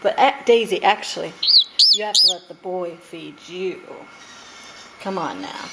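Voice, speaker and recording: A woman filming her pet parrots at home, coaxing them in a high, sing-song pet voice and laughing often. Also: unhurried, vocal fry. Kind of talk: home video chat with pet birds. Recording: home camera with loud background noise.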